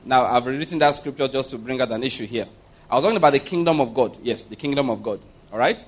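Male preacher, higher register, emphatic sermon delivery, calls for amens. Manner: emphatic, asks the congregation for amens, laughs mid-point.

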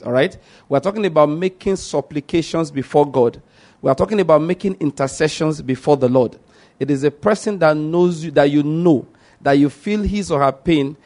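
A man preaching a sermon, teaching slowly and repeating his key points, often checking whether listeners understand. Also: a little high, a little mellow.

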